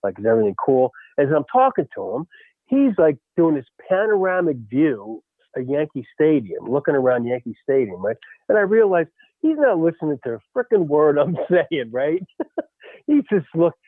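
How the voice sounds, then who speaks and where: A former baseball coach telling a lively story in a radio interview, peppering his talk with "you know" and "right?". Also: on the high side, normal speed, no room sound. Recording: tinny phone line.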